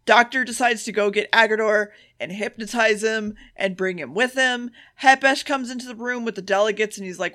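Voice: mid-range voice, sharp tone. Profane, offhand podcast recapper. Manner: profane, offhand retelling with quick quoted voices. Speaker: podcast co-host. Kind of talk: casual episode recap.

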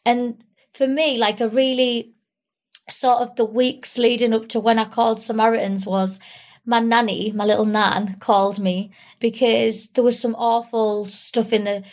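A young woman talking candidly and tearfully in an interview, rambling and full of fillers. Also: on the high side. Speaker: guest. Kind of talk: emotional personal interview.

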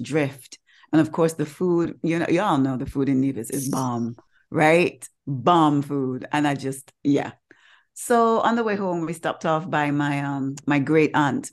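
Woman, podcast co-host, slightly low voice, animated storyteller, casual chat. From Caribbean.

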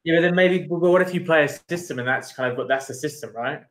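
A man's voice: on the high side, fast. A man from Australia, guest on a casual football podcast, talking tentatively with lots of kinda and right.

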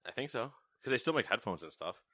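A man's voice: medium pitch, very animated, fast talker, bright, forceful tone, no room sound, clean studio sound. A man co-hosting a casual gaming news podcast, joking and laughing often as he reads stories. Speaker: co-host reading gaming news.

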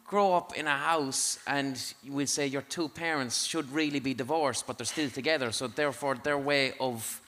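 A man's voice: mid-range voice, fairly even intonation, moderate pace, hardly any pauses, pushed and bright. A man hosting a live podcast on a theatre stage before an audience, sweary and jokey. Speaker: podcast host.

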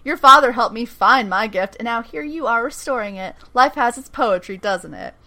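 A woman's voice: fairly high pitch, animated, normal speed, pushed and bright, full character voice. A woman doing a smug, taunting male villain. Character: menacing, mocking male villain. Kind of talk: retelling a TV episode with acted quotes.

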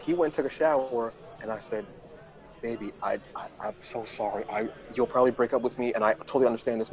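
On a lo-fi recording, a male podcast host tells a casual story at his own expense, leaping into high, flustered voices whenever he quotes himself.

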